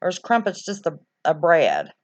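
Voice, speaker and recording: In a fairly low voice with huge swings in pitch, a woman talks at normal speed during a casual livestream. She rambles and responds aloud to what viewers type in chat. The sound is lo-fi and a bit dull.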